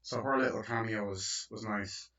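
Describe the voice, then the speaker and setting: A man's voice: lowish voice, fairly even intonation, normal speed, bright, forceful tone. A man giving a casual, rambling spoken film review, full of fillers and swearing. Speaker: movie reviewer. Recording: dull lo-fi recording.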